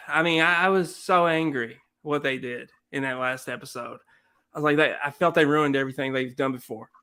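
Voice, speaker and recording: A man co-hosting a podcast, ranting in an animated, emphatic way. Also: mid-range voice, brisk, clean tone. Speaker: podcast co-host. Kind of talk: casual chat.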